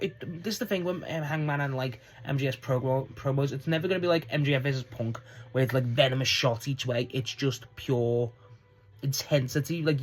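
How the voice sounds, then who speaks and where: A man giving a casual spoken review of a wrestling show, rambling with lots of fillers and swearing. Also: medium pitch. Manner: rambling, profane, frequent restarts and fillers.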